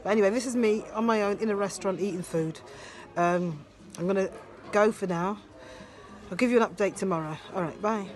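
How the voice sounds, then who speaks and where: A woman in her fifties recording a personal video diary on her handheld phone, talking in a heartfelt, halting way with many fillers. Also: medium pitch, darkish tone. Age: 50s. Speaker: video diarist. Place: ski resort and restaurant abroad.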